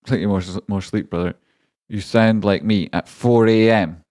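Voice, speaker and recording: A man's voice: on the low side, fairly even intonation, moderate pace, darkish tone, no room sound. A man hosting a live stream, rambling and joking casually with viewers and swearing now and then. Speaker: livestream trading host.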